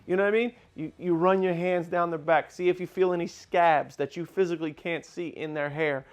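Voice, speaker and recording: A man explains things with insistent, lecturing emphasis, acting out little scenes as he goes. His voice sits fairly high for a man. The delivery is casual podcast chat. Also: fairly even intonation, normal speed, few pauses. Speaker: podcast co-host, dog breeder.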